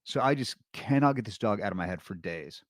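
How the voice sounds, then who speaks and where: Rambling man telling a story, low voice. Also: expressive, fairly quick, no echo, studio quality. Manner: rambling, full of restarts and fillers. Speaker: podcast guest. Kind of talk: casual storytelling chat.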